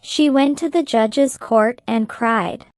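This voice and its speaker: Slow, clear woman reading a story. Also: fairly high pitch, no echo, clean studio sound. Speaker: narrator. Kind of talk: slow graded-reader story narration.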